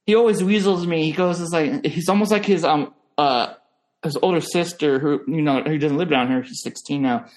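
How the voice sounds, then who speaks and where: A young man from Northern California with an American accent, telling stories in a casual chat and jumping into high voices for other people. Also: normal speed.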